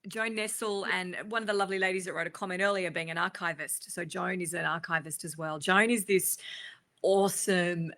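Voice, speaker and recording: A woman's voice: lowish voice, steady tone, a little fast, a bit bright. A woman podcast host appearing as a guest in a casual online chat, telling stories with enthusiasm and sometimes losing her thread. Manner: chatty, enthusiastic storyteller, loses her thread. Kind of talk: casual live-stream chat. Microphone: video call.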